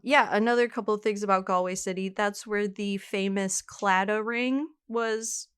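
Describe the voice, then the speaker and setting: A woman's voice: mid-range voice, fairly even intonation, normal speed, clean tone. A woman, co-hosting a podcast and telling a true-crime case in a chatty way. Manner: chatty, laughs easily, reads case details. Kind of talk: casual true-crime storytelling.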